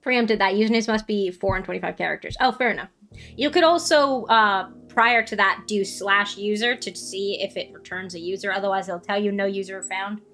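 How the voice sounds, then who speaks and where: A woman's voice: mid-range voice, fairly bright tone. Woman streaming a cozy game, chatty n giggly, music faint in the back. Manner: chatty, giggly, trails off and restarts. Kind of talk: casual chat while streaming a game.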